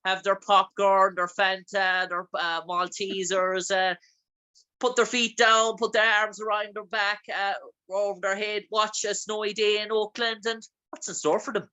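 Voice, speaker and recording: A man's voice: high voice, little pitch movement, measured pace, bright, forceful tone, clear, resonant tone. A man with an Irish accent hosting a casual interview, asking long, rambling questions full of fillers. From Ireland. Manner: rambling, filler-heavy phrasing.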